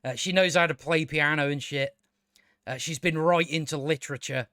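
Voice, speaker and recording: A man's voice: on the high side, fairly even intonation, moderate pace, sharp tone, no room sound, clean studio sound. A man giving a casual spoken TV review, ranting with exasperation, stumbling over restarts and swearing.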